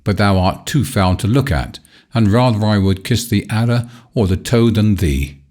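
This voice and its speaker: A man's voice: on the low side, moderate pace, a little mellow, natural voice. A man voicing a proud, cruel boy who speaks in hard, scornful archaic phrases in a storybook reading.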